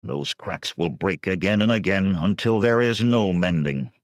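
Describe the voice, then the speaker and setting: A man voicing a sorrowful one-eyed old warrior who speaks slowly. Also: deep voice, no room sound, voice pushed up. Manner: slow, sorrowful.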